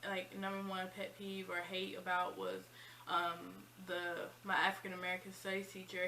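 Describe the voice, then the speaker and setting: A woman in her twenties telling a personal story in a chatty, animated vlog style. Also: medium pitch, slight background noise, poor audio. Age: 20s. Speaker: vlogger. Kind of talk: casual storytime.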